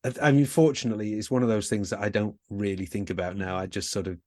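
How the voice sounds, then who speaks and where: A British man, a singer guest, talking in a relaxed interview and telling stories with lively ups and downs. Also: no echo, clean studio sound. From Britain. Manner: chatty, animated storyteller with quick bursts of pitch. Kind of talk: casual interview chat.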